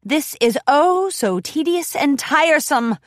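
A boastful showoff unicorn mare magician from a storybook, grand and theatrical with a huffy edge, as a woman reader puts her on. The voice sits higher than usual and swings widely in pitch, recorded dry and close. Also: expressive, normal speed, fairly bright tone, dry recording. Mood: weary.

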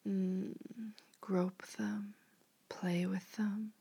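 Breathy whispering woman, dominant role-play. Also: medium pitch, level tone, a little mellow, no room sound. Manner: slow commanding hypnotic whisper. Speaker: dominant mistress hypnotist.

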